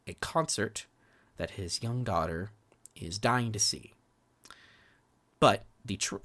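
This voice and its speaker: Candid low-voiced man reviewing films. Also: pushed and bright. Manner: candid, swears freely, restarts words, sometimes drops to a near whisper. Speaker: podcast co-host reviewing films. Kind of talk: casual film review chat.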